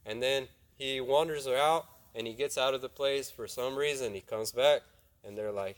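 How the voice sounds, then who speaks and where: A man's voice: mid-range voice, normal speed. Casual young male youth preacher. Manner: conversational, asks the audience questions, acts out dialogue. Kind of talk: casual sermon retelling a Bible story.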